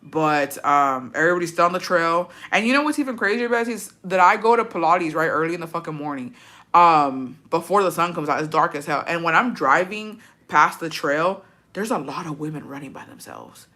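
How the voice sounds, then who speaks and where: A woman chatting casually and bluntly with her viewers, swearing freely and breaking into animated outbursts. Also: sits low, fairly quick. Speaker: streamer reacting to chat. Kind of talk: casual profane chat.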